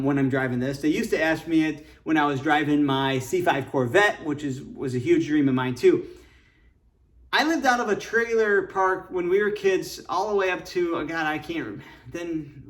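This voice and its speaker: A man's voice: fairly high pitch, fairly bright tone. A middle-aged man from Michigan telling his life story casually and earnestly, rambling with fillers while sitting in his car. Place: inside a parked car.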